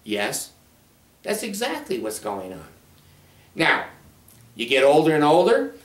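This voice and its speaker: A man's voice: fairly high pitch, wildly swooping pitch, measured pace. Blunt sardonic man, distant roomy mic. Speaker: counselor. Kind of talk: casual monologue to camera.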